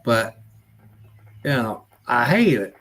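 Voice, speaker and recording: Live-stream host, older man, unhurried folksy rambler with a plain middle-pitched voice. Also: very animated, a bit bright. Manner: folksy, rambling, grumbling, with rural nonstandard grammar. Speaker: livestream host.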